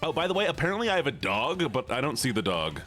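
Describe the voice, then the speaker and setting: A man's voice: mid-range voice, very animated, quick pace, fairly bright tone, soft background music. A man live streaming a game, chatting playfully with his viewers and teasing them. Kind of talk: casual live-stream chat while playing a game.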